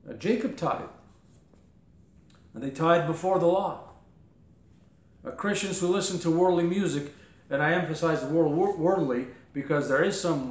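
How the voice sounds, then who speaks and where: A man's voice: fairly high pitch, echoey room. A man preaching a sermon as pastor, emphatic, firing rhetorical questions and voicing mock objections. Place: church.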